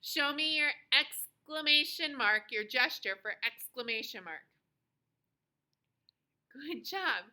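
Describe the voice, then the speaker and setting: Upbeat high-voiced woman teaching small children. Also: animated, pushed and bright, poor audio. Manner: cheerful, sing-song and encouraging, with slow deliberate phrasing. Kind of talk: recorded lesson for young children.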